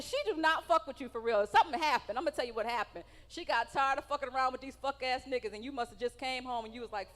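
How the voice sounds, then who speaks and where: A woman with a high, slightly bright voice talks fast and animatedly in a stand-up set at a large hall. She's brash and profane and teases the crowd. The recording has the long reverb of a live venue.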